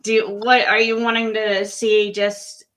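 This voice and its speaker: A woman in her sixties hosting a casual late-night livestream chat, relaxed and chatty, laughing often. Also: medium pitch, unhurried. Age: 60s. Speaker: livestream host.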